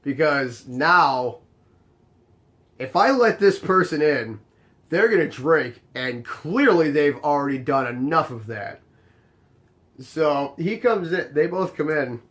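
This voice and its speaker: A young man casually telling a story about his job as a bar bouncer, animated and exasperated, acting out both sides of the conversation. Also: a little high, slow pace, long pauses.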